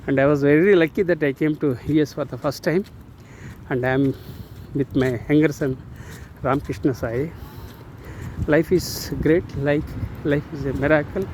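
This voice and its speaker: A man in his sixties with an Indian English accent gives a casual motivational talk outdoors, halting often on drawn-out fillers. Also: fairly high pitch, steady tone, a little mellow, low-quality recording. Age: 60s. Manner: earnest, uplifting. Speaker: channel host. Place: outdoors near a road. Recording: outdoor traffic noise behind.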